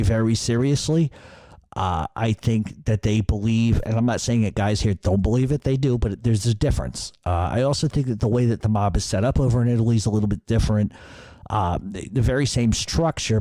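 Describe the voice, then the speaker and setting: A middle-aged man, answering listener questions on his radio show in a loose, profane storytelling way. His voice sits low and warm. The recording is dry and close, with no room sound. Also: no echo. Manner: blunt, profane, conversational, reads questions then answers. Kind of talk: casual Q&A storytelling.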